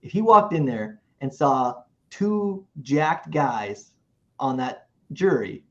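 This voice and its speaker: A man co-hosting a show in casual chat, talking in an animated way, often restarting and repeating himself. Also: medium pitch, takes it slowly. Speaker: podcast co-host. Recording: muffled lo-fi recording.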